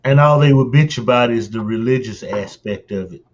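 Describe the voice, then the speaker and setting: A man's voice: mid-range voice, moderate pace, muffled recording, a little hiss or hum. A man in a casual live chat, talking in a matter-of-fact way. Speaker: chat show panelist.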